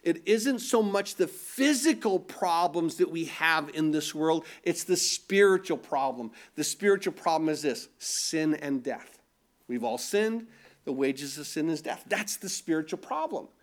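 A man's voice: a little high, lively intonation, unhurried. A man preaching a sermon, asking his listeners rhetorical questions and often repeating words as he builds his points. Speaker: pastor.

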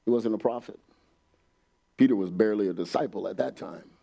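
A man preaching a sermon in a church, animated and laughing often, acting out quotes and dropping to a whisper at times. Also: fairly low pitch, a little fast, creaky.

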